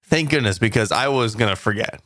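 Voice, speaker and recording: A man's voice: medium pitch, animated, fairly quick, a bit bright, dry recording, clean studio sound. A man co-hosting a casual podcast, playful and jokey, often cutting in with gags. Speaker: podcast co-host. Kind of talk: casual chat.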